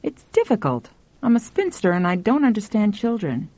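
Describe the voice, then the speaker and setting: A woman's voice: medium pitch, big pitch swings, normal speed, warm tone, no echo, voice pushed up. A woman voicing a curt, querulous older spinster in a storybook reading. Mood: stern. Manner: curt and prim. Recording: dull lo-fi.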